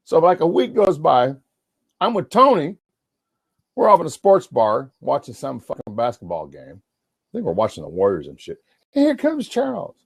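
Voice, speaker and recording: A man from Washington State in a rambling, profane livestream rant, swinging between mumbling and yelling. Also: a little high, wildly swooping pitch, normal speed, creaky, husky, no echo.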